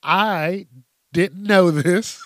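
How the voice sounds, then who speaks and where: This podcast host rants bluntly on his own in casual chat, cursing freely and laughing a lot. His voice is high-pitched and very slow, captured clean in a studio with no room sound.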